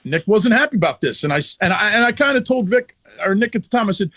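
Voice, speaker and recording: A man's voice: high voice, lively intonation, quick pace, bright, forceful tone, no echo. A man who is a wrestler guest, telling a story in a blunt, profane, heated way in a casual interview.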